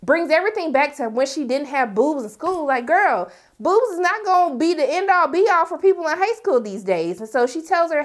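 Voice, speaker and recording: A woman's voice: high voice, expressive, moderate pace. A woman recapping a TV episode in a casual vlog, telling it with sassy, dramatic reactions. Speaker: TV recap vlogger.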